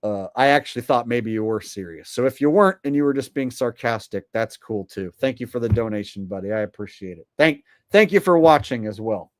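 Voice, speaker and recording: A man's voice: mid-range voice, expressive, a little fast, few pauses, dry recording, clean studio sound. Profane, sarcastic male vlogger. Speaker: channel host reading viewer donations. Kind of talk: ranting commentary vlog.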